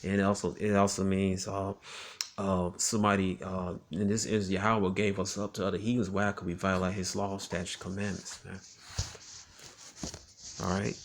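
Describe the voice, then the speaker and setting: A man with a low, gravelly voice gives a loose, chatty Bible teaching. He keeps saying "man" and "all right" as he goes, and slows down to read the verses. His talk is broken up by frequent chuckles. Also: little pitch movement, slight background noise. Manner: conversational, tags lines with "man" and "all right"; reads scripture slowly and deliberately. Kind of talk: informal scripture teaching.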